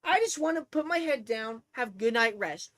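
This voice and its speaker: A woman's voice: fairly high pitch, moderate pace. A woman streamer telling rambling, profane stories in a casual rant. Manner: profane, rambling, animated storytelling. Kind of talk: casual ranting chat.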